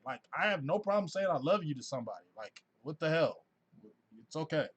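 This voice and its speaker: A man in his forties hosting a casual sports fan livestream, talking in an animated, effusive way and reading out viewers' names. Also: on the high side, fairly quick, husky. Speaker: host of a sports fan live show.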